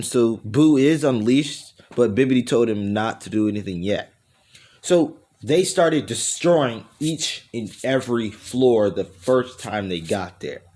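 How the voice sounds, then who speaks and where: A man's voice: medium pitch, a little mellow. A man casually improvising a fan story aloud, rambling and self-correcting as he goes and laughing at his own voices.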